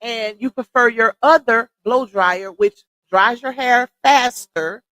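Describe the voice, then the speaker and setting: A woman with a slightly high voice and runs a casual livestream, talking bluntly and with exasperated, gossipy commentary. She is recorded close up on a dry mic. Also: slow pace, fairly bright tone, no echo, rough recording. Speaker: livestream host.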